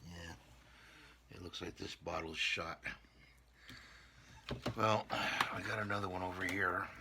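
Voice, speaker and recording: A man's voice: low voice, fairly even intonation, slow, very noisy. A man hosting a casual hobby repair vlog, rambling and talking to himself as he glues models together. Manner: rambling, talks to himself while gluing. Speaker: channel host repairing models.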